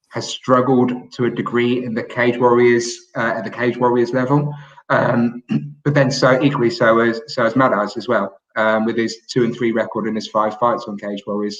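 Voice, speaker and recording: A man co-hosting a sports podcast in casual chat, rambling with lots of ums and restarts. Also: medium pitch. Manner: rambling, many fillers and restarts. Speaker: podcast co-host and MMA pundit. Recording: echoey, muffled remote mic.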